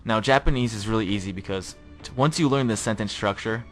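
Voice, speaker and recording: A man teaching a casual podcast language lesson, informal and repeating example phrases slowly. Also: on the low side, a bit bright, faint music behind.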